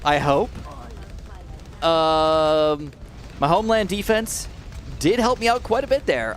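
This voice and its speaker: A man hosting live gameplay commentary, excitable and talking straight to his viewers, swinging from low muttering to shrieks of alarm. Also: takes it slowly, pauses often, a little hiss or hum. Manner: addresses viewers directly. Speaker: gaming channel host.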